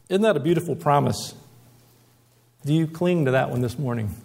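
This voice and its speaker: Gravelly-voiced male preacher. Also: fairly high pitch, normal speed, pauses often, a little mellow. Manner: conversational, earnest, reads scripture aloud. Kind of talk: sermon.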